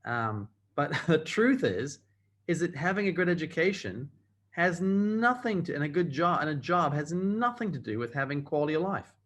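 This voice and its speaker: A man's voice: a little high, sing-song, normal speed, a bit bright. Emphatic man giving a motivational talk. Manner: emphatic, repeats phrases for effect. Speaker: motivational speaker. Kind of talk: motivational training talk on a video call. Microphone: video call.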